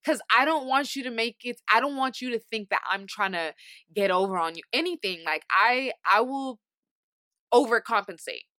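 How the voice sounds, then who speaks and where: A young woman with a bright, forceful voice chats casually and talks about herself with easy self-deprecation. She laughs often, and the sound is close and dry. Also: fairly high pitch, lively intonation, moderate pace, dry recording. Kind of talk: casual chat.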